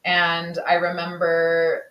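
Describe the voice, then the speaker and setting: A woman's voice: fairly low pitch, completely flat delivery, slow pace, muffled recording. Candid, reflective woman in an echoey room. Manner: reflective, candid, sometimes swears. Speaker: podcast co-host. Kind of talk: casual conversation.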